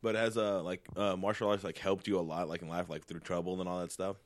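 Man, podcast host, casual chat, laid-back, says dude a lot, low voice, dry sound. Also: little pitch movement, fast, dry recording.

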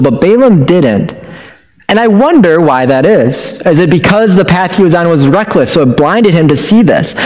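A man with a fairly high, very animated voice gives a relaxed devotional reflection on scripture, chatty and joking. He stumbles and restarts his sentences as he talks. The sound carries a long reverb, as if recorded in a large room. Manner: conversational, joking, with frequent restarts. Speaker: Bible teacher. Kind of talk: casual devotional Bible reflection.

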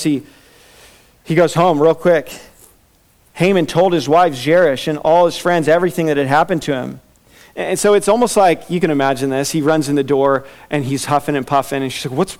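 A man preaching a sermon, reading scripture aloud and acting out the characters' voices with laughter. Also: a little high. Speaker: pastor.

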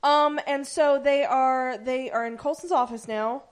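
A woman's voice: high voice, measured pace, clean tone. A woman co-hosting a casual chat, animatedly retelling a TV episode. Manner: animated retelling with playful quoted voices. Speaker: podcast co-host.

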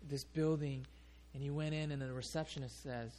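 A male pastor preaching a sermon, telling a story in an animated way and often restarting his sentences. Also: medium pitch, moderate pace.

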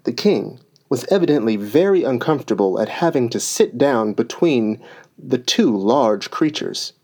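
A man reading a storybook aloud as narrator, in a measured way. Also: medium pitch, expressive, darkish tone.

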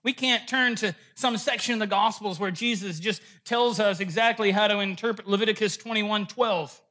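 Male pastor, high bright voice, playful storyteller in the pulpit, earnest when teaching. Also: normal speed. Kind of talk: sermon with a told joke.

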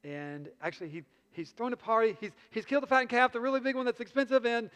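A man voicing a nervous male servant who stumbles and rushes as he breaks awkward news. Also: high-pitched, sing-song, darkish tone, full character voice. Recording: long reverb in a large hall.

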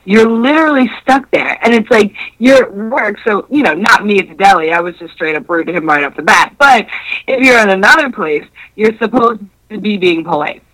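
A young woman telling a story in casual chat, animated and swearing, acting out the voices in her quotes. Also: medium pitch, brisk, rough recording.

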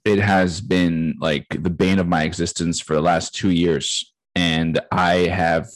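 A man in his late thirties, low-voiced and a little slow, co-hosts a podcast on a dry, low-quality recording. He tells a story in a casual, profane way, acting out the quoted dialogue and laughing often. It's an animated, casual chat.

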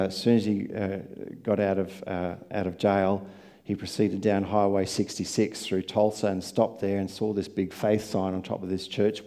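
A man preaching a sermon, telling stories and swinging from quiet asides to loud emphatic lines. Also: lowish voice. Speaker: pastor.

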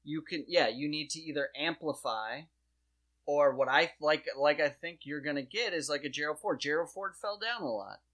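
Bright-voiced man in profane casual chat. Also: on the high side, moderate pace. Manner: animated, profane, rambling.

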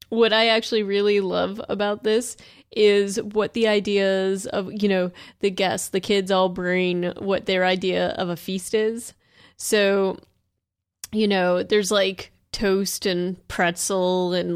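Woman podcaster, casual chat, smooth resonant voice, dry sound. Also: mid-range voice, flat delivery, slow pace, no room sound. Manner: chatty, many fillers and laughs. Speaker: podcast co-host.

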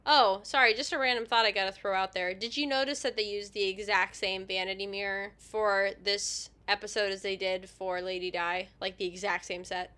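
Bright-voiced woman co-hosting a podcast. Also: medium pitch, fairly even intonation, normal speed, few pauses. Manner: laughs often, self-deprecating. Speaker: podcast co-host. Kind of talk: casual podcast chat, reading a recap.

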